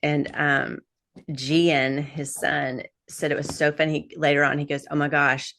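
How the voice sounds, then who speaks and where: Guest, middle-aged woman: low gravelly voice, rambling anecdotes. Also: flat delivery, a little slow, a bit bright, a little hiss or hum. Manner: rambling storyteller with frequent fillers and laughs. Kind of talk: casual chat.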